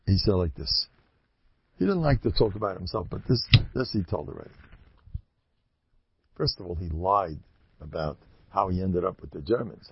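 An older man, a rabbi, giving a Torah lecture full of stories, acting out the people he quotes with sudden high, loud bursts. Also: creaky, breathy edge, no room sound. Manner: animated storyteller, jumps high when acting out quoted voices. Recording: dull lo-fi recording.

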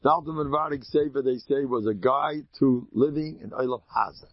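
A man speaking as a rabbi, telling stories in a lively Torah talk and acting out characters with sudden loud outbursts. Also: fairly quick, no echo, muffled recording. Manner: animated, acts out characters with sudden high shouts.

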